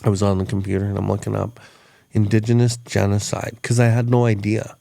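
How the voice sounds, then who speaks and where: Gravelly man, earnest host. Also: lowish voice, level tone, fairly quick, mellow, no echo. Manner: earnest, repeats words as he restarts. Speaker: podcast host. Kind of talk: reflective storytelling chat.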